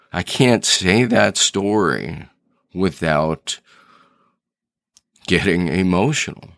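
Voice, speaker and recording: Low-voiced slow-talking man, dry sound. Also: lively intonation, vocal fry, a bit bright, no room sound. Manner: earnest storyteller, thinking aloud with restarts. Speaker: podcast host and author. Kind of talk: reflective solo podcast talk.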